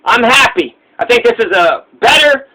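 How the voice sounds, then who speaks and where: A man's voice: very high voice, expressive, moderate pace, bright, forceful tone, a little hiss or hum, poor audio. An American man delivering an angry, profane political rant full of sarcasm. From United States. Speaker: political commentator. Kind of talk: profane ranting monologue.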